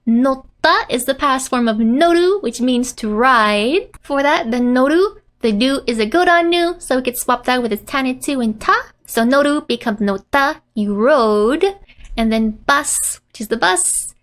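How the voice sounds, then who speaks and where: A woman's voice: sits high, lively intonation, measured pace, fairly bright tone. A woman teaching Japanese from a manga scene, breaking down each line in a playful way, often laughing and acting out the characters. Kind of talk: manga-based language lesson.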